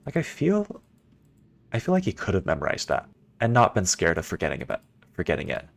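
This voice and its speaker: A man with a deep, low voice talks casually through a game stream. He thinks out loud as he plays, answers comments from chat, and keeps a playful, chatty manner. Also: sing-song, fast, gravelly.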